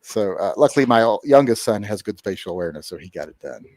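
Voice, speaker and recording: A man hosts a casual livestream, cracking jokes and rambling through viewer messages with plenty of uhs. His pitch swings widely and lively. The sound is dry and close. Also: quick pace, no room sound. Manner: joking, rambling with many fillers. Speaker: livestream host. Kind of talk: casual livestream chat reading super chats.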